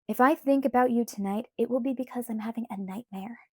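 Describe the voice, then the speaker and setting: A sharp-tongued teenage girl, read by a woman, snaps her lines out louder and slower than the narration around them. The voice sits a little high with a soft, mellow color. It is recorded close and dry. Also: breathy edge, dry recording. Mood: cold. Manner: raised, emphatic, slow outbursts.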